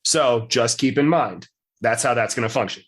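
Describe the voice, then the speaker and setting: A man's voice: mid-range voice, normal speed. Man, game master, casual and chatty, swears freely. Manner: casual, swears freely, laughs between points. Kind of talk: explaining rules and narrating a tabletop game.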